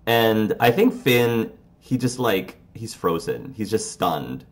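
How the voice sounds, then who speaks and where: Halting low-voiced man running a tabletop game. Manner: relaxed, halting narration with many fillers. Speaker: game master.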